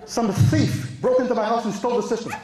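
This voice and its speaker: Chatty comedian in an echoey club. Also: male voice, very high voice, brisk, very noisy. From Europe. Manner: chatty, laughs at own stories, quotes people in a raised voice. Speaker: stand-up comedian. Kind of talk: stand-up storytelling. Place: live club show.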